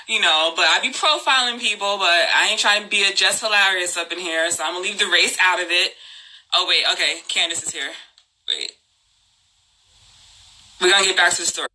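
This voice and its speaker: A woman from New Jersey hosting a live stream, telling a story in a casual, animated way, laughing often and talking in slang. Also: medium pitch, normal speed, poor audio. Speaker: host.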